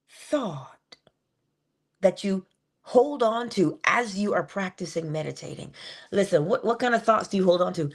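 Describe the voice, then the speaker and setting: A woman giving a conversational spiritual talk on meditation, with playful asides and slow, drawn-out emphasis on key words. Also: medium pitch. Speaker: inspirational speaker.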